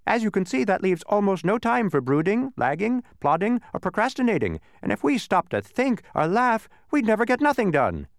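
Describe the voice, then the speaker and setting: A man's voice: high-pitched, very animated, moderate pace, hardly any pauses, no echo, studio quality, voice pushed up. A man doing chattering lazy little creatures. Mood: sing-song. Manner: sing-song, listing chores in a raised voice. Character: drowsy, idle little creatures, chattering together.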